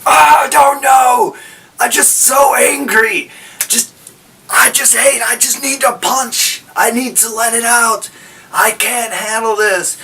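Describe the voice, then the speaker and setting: A man voicing an enraged young male clone who shouts in desperation, recorded from a distance. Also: a little high, unhurried, a little hiss or hum. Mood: furious.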